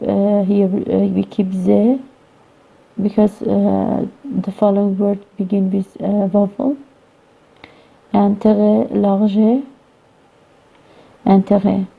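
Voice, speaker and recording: Woman lecturing haltingly over a tinny line. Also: mid-range voice, creaky, slightly rough. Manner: halting, many "uh" pauses, non-native grammar. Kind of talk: recorded phonology lecture. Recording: tinny phone-like lo-fi recording.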